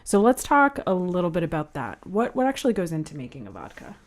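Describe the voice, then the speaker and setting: A woman hosting a podcast, reading a scripted intro and asking interview questions in a clear, friendly way. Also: fairly low pitch, huge pitch swings, quick pace. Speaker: podcast host.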